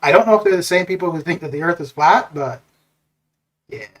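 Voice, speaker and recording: A man's voice: on the high side, a little fast. A man streaming a game and chatting over voice chat, rambling with frequent laughs and restarts. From Canada. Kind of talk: casual chat. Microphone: voice chat over Discord.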